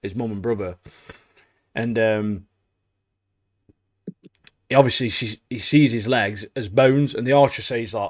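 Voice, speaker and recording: A man's voice: medium pitch, normal speed. Guy chatting anime on a podcast, keeps laughing and doing the characters' lines. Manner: animated, acts out characters' lines, laughs often. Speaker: podcast co-host. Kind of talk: casual chat recapping anime.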